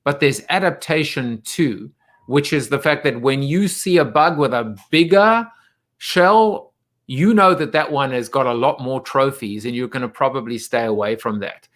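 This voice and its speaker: A man's voice: mid-range voice, moderate pace, fairly bright tone. A man hosting a podcast, asking long, reflective questions about growth and adaptation. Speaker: podcast host. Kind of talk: interview questions.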